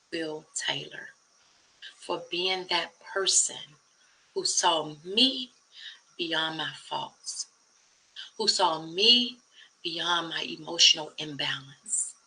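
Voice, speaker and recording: A woman host speaking earnestly and emphatically in a personal testimony vlog, often dropping to a soft hush. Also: low voice, slight background noise, poor audio. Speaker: channel host.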